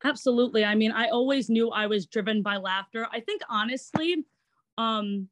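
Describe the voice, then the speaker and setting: This actor and online entertainer, a Long Island woman in her twenties, is a guest in a relaxed interview chat. Her voice is a little high at a normal speed, recorded dry, and her Long Island accent shows as she giggles and animatedly retells her story.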